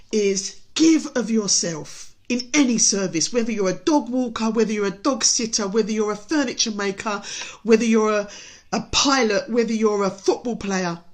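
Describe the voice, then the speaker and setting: Emotional woman near tears. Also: a little high. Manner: earnest, stumbling restarts. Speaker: hypnotherapist and motivational speaker. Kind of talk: heartfelt motivational broadcast.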